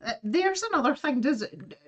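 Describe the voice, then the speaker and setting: A woman's voice: high voice, very animated, normal speed, fairly bright tone. A woman with a Scottish accent hosting an art live stream, chatting casually while she draws, laughing often and greeting viewers.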